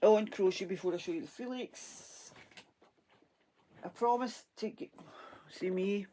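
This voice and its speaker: A woman with a Scottish accent talks through her crochet in a loose, rambling, chatty way. Her throat sounds hoarse and froggy, and she laughs often. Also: medium pitch, a little slow, mellow, slight background noise. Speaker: crochet vlogger. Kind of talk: casual crafting chat.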